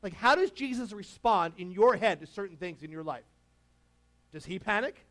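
A man's voice: high voice, expressive, normal speed, sharp tone. A man preaching a casual, conversational sermon, laughing often and asking the congregation questions. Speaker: pastor.

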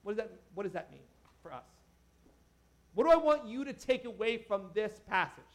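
Male pastor with a high voice; animated, joking, conversational preaching. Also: normal speed. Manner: animated, joking, talks to the crowd with asides. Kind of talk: casual conversational sermon.

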